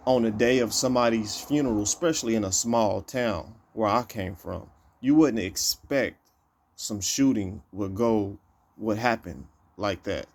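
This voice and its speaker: A man recounting a personal event in casual, repetitive storytelling, often circling back with "you know" and "like I say.". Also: fairly low pitch.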